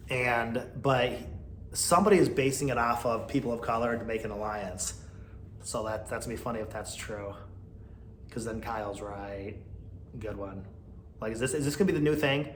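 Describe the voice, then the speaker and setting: A man in his thirties talks through a casual solo podcast, gossipy and mocking, shifting between loud bursts and mumbled asides. His voice sits at an ordinary pitch. The room is echoey, with a faint hum of noise behind him. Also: normal speed, long pauses. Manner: mocking, mimics others in a high whiny voice. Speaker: podcast host.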